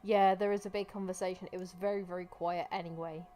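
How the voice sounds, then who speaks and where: A woman commenting chattily on a game during a live stream, wry and quick to swear and laugh at the game. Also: lowish voice, little pitch movement, warm tone.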